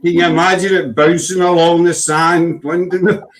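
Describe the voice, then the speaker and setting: A man's voice: a little high, little pitch movement, moderate pace, crowd noise. Joking Scottish man hosting a chat. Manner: jokey, bantering, laughs often. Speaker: host. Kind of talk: casual chat.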